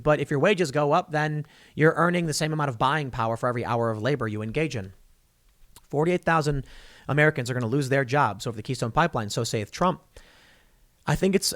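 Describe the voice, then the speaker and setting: A man in his thirties holds forth in a rambling, opinionated political commentary monologue, his voice pitched a little high and swinging up and down animatedly. The sound is dry and close, with no room around it. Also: dry recording.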